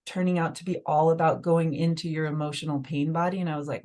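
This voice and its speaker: A woman with a slightly low voice tells a personal story as a podcast guest. She talks in a loose, emotional way and scatters "like" through nearly every sentence. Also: steady tone, quick pace, few pauses, a little mellow. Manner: emotional, filler-heavy, lots of "like". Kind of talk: casual conversational storytelling.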